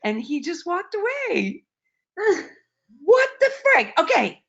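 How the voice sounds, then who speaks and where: A woman's voice: extremely high pitch, wildly swooping pitch, slow pace, gravelly, a bit bright, muffled recording. A woman casually retelling a personal story, emotional and full of restarts, on an online call. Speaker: participant sharing a story.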